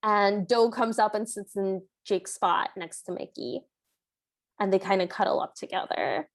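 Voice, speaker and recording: On a podcast she co-hosts, a woman recaps a film in a mid-range, somewhat gravelly voice, speaking a little slowly with fairly even intonation. She's chatty and relaxed, leaning heavily on fillers, especially "like."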